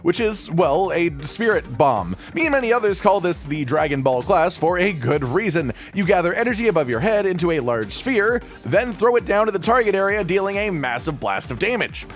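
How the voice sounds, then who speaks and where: A man's voice: high-pitched, sing-song, moderate pace, few pauses, faint music behind. A man narrating a game guide voice-over in a casual, jokey way, with swearing asides.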